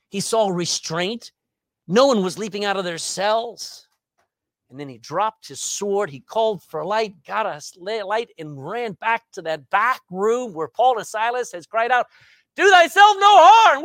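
Animated preacher man, dry sound. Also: high-pitched, no room sound. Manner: animated, rhetorical questions, swings between loud and soft. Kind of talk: sermon.

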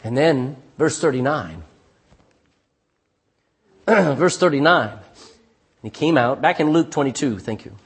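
This middle-aged pastor speaks slowly in a husky, mid-range voice, leaving long pauses. He preaches through lively stories with restarts, often calling "Amen?" out to the congregation.

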